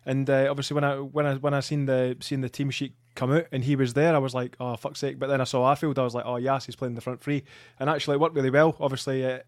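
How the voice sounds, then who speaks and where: A man's voice: medium pitch, little pitch movement, fast talker, no echo, clean studio sound. A Scottish man co-hosting a football podcast in casual, sweary chat, often repeating his words. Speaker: podcast co-host.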